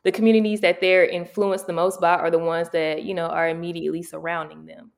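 A woman's voice: on the low side, flat delivery, brisk, gravelly. A woman co-hosting a casual group chat, musing and searching for her words. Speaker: podcast co-host.

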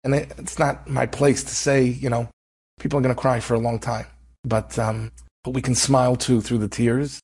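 Husky earnest rabbi telling a story. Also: male voice, mid-range voice, little pitch movement, moderate pace, a little mellow.

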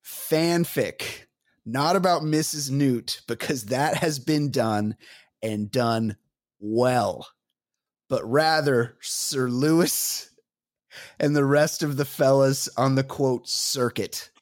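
A man's voice: medium pitch, takes it slowly, no echo, clean studio sound. A man co-hosting a comedy podcast, reading listener mail and rambling while laughing at his own jokes. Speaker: podcast co-host.

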